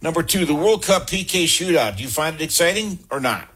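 A man hosting a call-in sports radio show, brisk and joking as he keeps the calls moving. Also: a little high, lively intonation, a bit bright, breathy edge.

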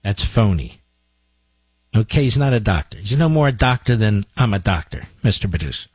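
Male talk radio host, sarcastic and combative, husky close-mic studio voice. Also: fairly low pitch, sing-song, moderate pace, darkish tone, no echo. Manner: sarcastic, mocking asides to his producer. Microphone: studio microphone.

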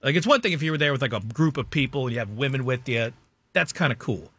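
A man's voice: mid-range voice, expressive, fast talker, fairly bright tone, husky, no echo. Laid-back co-host man, dry studio sound. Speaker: radio show co-host. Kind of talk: reading a comic list on air.

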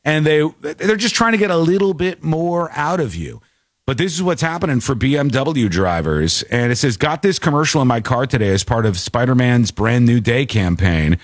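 A man's voice: mid-range voice, lively intonation, normal speed, dry recording, studio quality. A man hosting a casual tech chat show, joking and slipping into silly character voices. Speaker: show host.

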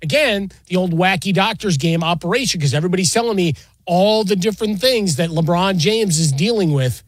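A man's voice: high-pitched, animated, brisk, dry recording. A man co-hosting sports talk radio, wry and teasing, telling anecdotes.

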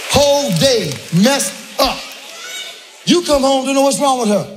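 A man doing stand-up in a loud, exclaiming way. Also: extremely high pitch, measured pace. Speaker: stand-up comedian. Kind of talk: stand-up routine. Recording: live room with crowd noise.

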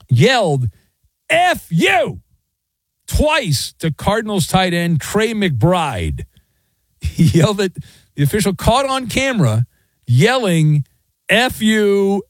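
A man's voice: high voice, no room sound. A middle-aged man hosting a sports talk radio show, ranting in a sarcastic, mocking way. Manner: sarcastic, mocking, acts out quoted voices.

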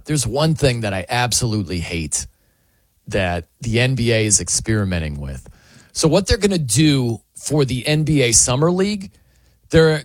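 Male sports radio host, animated storyteller with a swooping delivery, dry studio sound. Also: medium pitch, dry recording. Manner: animated, chatty, laughs often. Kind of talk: casual sports talk monologue.

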